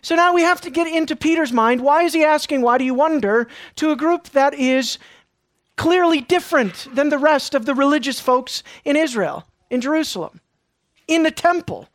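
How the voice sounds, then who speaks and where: A man preaching a sermon, moving between hushed lines and emphatic questions. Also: very high voice, animated, moderate pace, no echo. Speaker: pastor.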